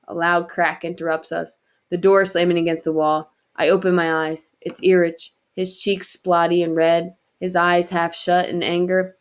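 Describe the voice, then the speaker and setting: A woman reading a novel aloud in quiet, earnest first-person narration. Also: fairly low pitch, flat delivery, normal speed, clear, resonant tone. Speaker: audiobook reader.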